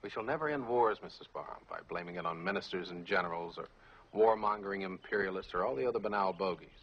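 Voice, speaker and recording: An actor playing a cynical wartime officer who argues in a cutting, measured way, heard from an old film soundtrack. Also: male voice, deep voice, slightly rough, highs cut off. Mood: bitter, earnest. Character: bitter, cynical wartime American officer, man. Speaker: film character. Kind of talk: 1960s film drama.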